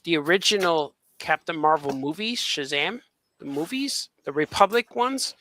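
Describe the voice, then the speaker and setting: A man's voice: a little high, animated, normal speed, bright, forceful tone. A man chatting casually on a podcast, reminiscing and joking with a chuckling manner. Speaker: podcast co-host. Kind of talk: casual chat.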